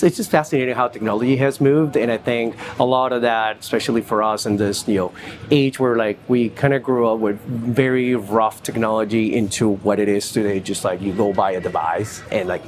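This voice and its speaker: A man in his forties from Venezuela, a company CFO telling relaxed stories with many fillers in an interview at a stock exchange. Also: on the low side, a little fast, a little hiss or hum. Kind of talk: casual interview. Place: New York Stock Exchange floor.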